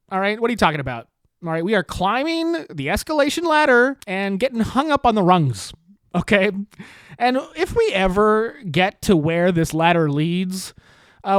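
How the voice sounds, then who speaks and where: A man's voice: high-pitched, a bit bright, smooth, no echo. A man hosting a comedy podcast, delivering an exasperated, sarcastic rant with frequent swearing. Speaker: podcast host. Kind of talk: comedic monologue.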